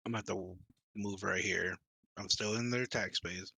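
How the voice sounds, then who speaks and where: A man's voice: on the low side, fairly even intonation, normal speed, vocal fry, pushed and bright, slightly rough, no echo. A man playing in a tabletop game over voice chat, laid-back and explaining his moves. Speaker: player.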